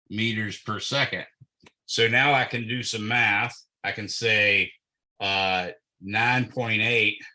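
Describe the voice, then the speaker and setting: A man's voice: fairly low pitch, pushed and bright, low-quality recording. A man tutoring physics, working through a problem step by step and thinking aloud with fillers.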